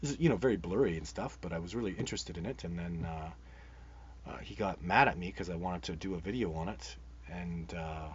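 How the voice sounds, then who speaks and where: Rambling, enthusiastic man with a low voice. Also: brisk. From Canada. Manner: rambling and enthusiastic, many restarts. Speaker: host of a live Bigfoot show. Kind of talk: live-stream chat answering viewer comments. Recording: dull sound with faint background noise.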